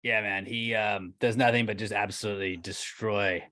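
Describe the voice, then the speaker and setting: A lowish-pitched man co-hosting a podcast, with a bright, forceful edge to his voice. He talks casually and bluntly, and his rants come out full of profanity. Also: steady tone, moderate pace. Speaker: podcast co-host. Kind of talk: casual chat.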